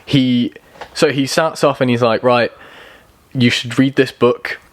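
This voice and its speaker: Young guy on a podcast, lively storyteller, dry close sound. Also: mid-range voice, measured pace, no echo. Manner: animated storyteller, acts out quotes. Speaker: band member guest. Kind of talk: casual podcast chat.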